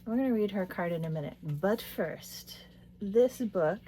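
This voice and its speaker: A woman in her late thirties giving a tarot reading, talking in a meandering, soft-spoken way with little laughs. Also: mid-range voice, lively intonation, unhurried, background noise. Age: late 30s. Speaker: tarot reader. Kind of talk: casual spiritual talk to camera.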